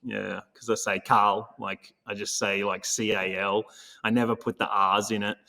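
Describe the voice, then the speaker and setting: Guest: Australian man, thick Toowoomba accent, relaxed storyteller who laughs a lot. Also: lowish voice, normal speed, vocal fry. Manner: easygoing, laughs often while telling stories. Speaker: guest, pro angler. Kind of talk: casual interview chat.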